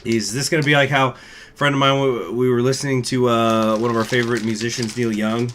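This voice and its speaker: A man's voice: mid-range voice, little pitch movement, fast, fairly bright tone, slight background noise. A man hosting a gaming channel, chatting casually and rambling to his viewers in an offhand, profane way. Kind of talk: casual chat to live viewers.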